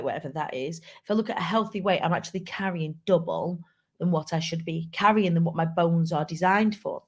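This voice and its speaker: A woman hosting a live show, talking candidly and chattily to viewers and reading out their comments. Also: on the low side. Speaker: live show host and speaker. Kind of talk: casual live-stream talk.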